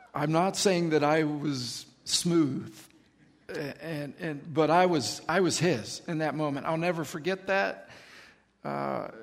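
A man's voice: a little high, vocal fry, long reverb tail. A man preaching a sermon, telling his own conversion story in an earnest, storytelling way. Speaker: pastor. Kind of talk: sermon with personal testimony.

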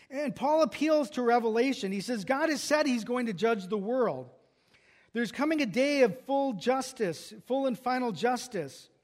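A pastor preaching an earnest expository sermon, often restarting and repeating words as he works through a passage. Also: very high-pitched.

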